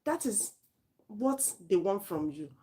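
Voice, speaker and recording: A Nigerian woman talks students through IELTS speaking tips in a loose, conversational lesson. Her voice sits at a middling pitch for a woman, and her delivery is animated and chatty. She restarts and corrects herself as she goes. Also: slow, breathy edge. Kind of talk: informal spoken lesson.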